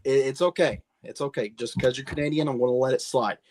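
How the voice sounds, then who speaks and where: A man's voice: medium pitch, fast, darkish tone. A man on a podcast roundtable, delivering a brash, combative rant in the style of a wrestling promo. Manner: brash, combative, mock-heel bravado.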